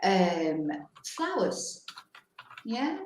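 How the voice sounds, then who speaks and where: Woman hosting, teaching words real slow, lots of room echo. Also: mid-range voice, big pitch swings, a little hiss or hum. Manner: slow, teacherly, switches between English and Spanish. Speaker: host. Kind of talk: bilingual vocabulary chat. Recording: very echoey room.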